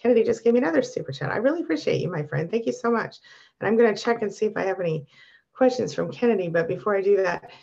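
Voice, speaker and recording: Woman, live-stream coach, encouraging, warm, gravelly fry, muffled lo-fi audio. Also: medium pitch, animated, very fast. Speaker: coach for narcissistic abuse survivors. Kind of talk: live-stream chat reading viewer comments.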